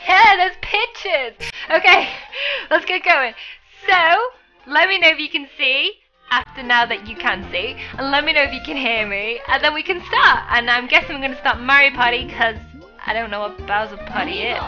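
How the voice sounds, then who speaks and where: A woman's voice: high-pitched, moderate pace, bright, forceful tone, lo-fi sound, faint music behind. A young woman live streaming a game, chatting with viewers and greeting them by name. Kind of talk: live stream chat while gaming.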